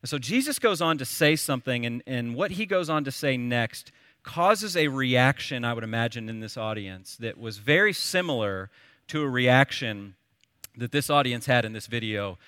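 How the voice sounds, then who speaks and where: A man in his thirties preaching a sermon, telling a family story in an animated, conversational way. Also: medium pitch, moderate pace, smooth, dry recording, clean studio sound, in a large hall. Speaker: pastor.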